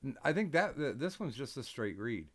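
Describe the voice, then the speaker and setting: A man's voice: mid-range voice, sing-song, moderate pace. A man hosting a casual live stream, hesitant with lots of ums, swearing bluntly now and then. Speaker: streamer host.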